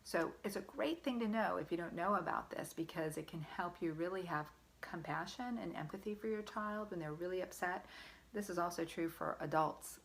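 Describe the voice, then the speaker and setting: A woman's voice: lowish voice, moderate pace, gravelly. A woman parenting coach giving earnest, encouraging advice straight to the listener, often checking in with them. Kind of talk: direct-to-camera parenting advice.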